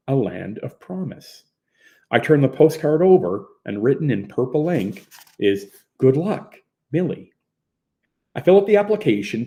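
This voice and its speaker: A man from Ontario reading his memoir aloud in an animated storytelling manner. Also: lowish voice, creaky. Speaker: narrator.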